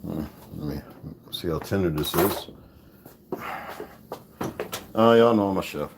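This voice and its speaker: A man's voice: deep voice, measured pace, noisy background. A man live streaming from his home kitchen, casually chatting with viewers and muttering to himself as he cooks, with speech. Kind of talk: casual live-stream chat while cooking.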